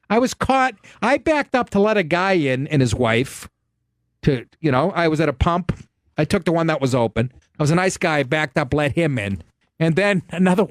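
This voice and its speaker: A man hosting a talk radio show, ranting and telling stories in a profane, animated way from a studio. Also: high voice, no echo. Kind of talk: casual talk radio monologue.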